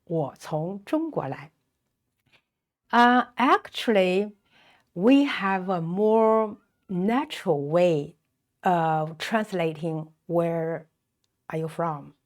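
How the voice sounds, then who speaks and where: A middle-aged woman from China with a Chinese accent, teaching a beginner language lesson and patiently repeating phrases slowly for learners. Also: lowish voice, animated. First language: Mandarin Chinese.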